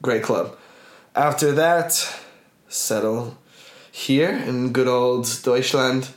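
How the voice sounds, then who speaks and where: A man's voice: medium pitch, extremely slow. Laid-back young man in an echoey room. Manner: laid-back, joking, swears casually. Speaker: guest, footballer. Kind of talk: casual chat.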